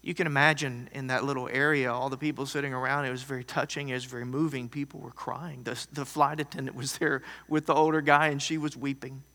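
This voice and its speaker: A man preaching a sermon, telling a story that swings from loud to hushed. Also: medium pitch, flat delivery, fast, hardly any pauses. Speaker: pastor. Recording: long hall reverb.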